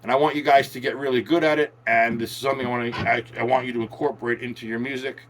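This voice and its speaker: A man's voice: medium pitch, level tone, rapid-fire, a little hiss or hum. A man teaching guitar in a chatty, emphatic way, repeating key words and drifting into folksy asides. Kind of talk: casual instructional talk to camera. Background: guitar playing.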